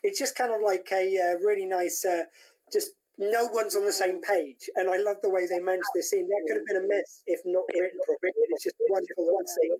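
A man's voice: sits high, fairly even intonation, brisk, darkish tone, poor audio. Guy cracking jokes on a home video call, rambly, lots of ums. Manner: joking, rambling with fillers. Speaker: podcast co-host. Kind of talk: casual chat. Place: own home.

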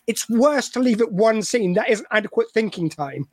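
Female podcast co-host, lively, laughing, acting out scenes, dry close mic. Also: on the high side, normal speed, dry recording. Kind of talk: casual chat reviewing a TV episode.

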